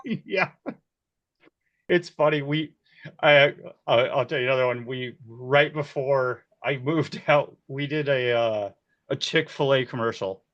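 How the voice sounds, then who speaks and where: A man in his forties tells his stories with lively energy, often laughing and slipping into the voices of the people he quotes. His pitch sits in an ordinary middle range. The recording sounds a little dull and lo-fi. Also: a little slow. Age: 40s. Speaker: key grip, interview guest. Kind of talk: casual storytelling.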